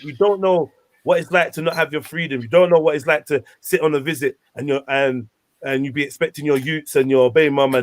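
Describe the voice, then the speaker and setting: Passionate man with a high voice. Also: fairly bright tone. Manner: passionate, emphatic, street slang. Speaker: show host. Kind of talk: casual panel chat.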